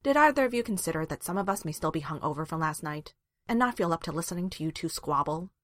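A woman's voice: sits low, expressive, quick pace, dry recording. Woman voicing a wry, teasing male dwarf. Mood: gruff.

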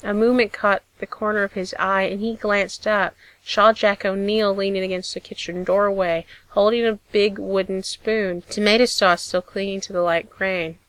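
A woman narrating a story in a measured, expressive reading style on a close mic. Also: mid-range voice, no echo. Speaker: audiobook reader.

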